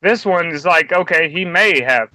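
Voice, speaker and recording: A man's voice: fairly high pitch, expressive, moderate pace, pushed and bright, no echo, rough recording. An angry man ranting and swearing heavily as a co-host in a round table discussion. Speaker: podcast co-host.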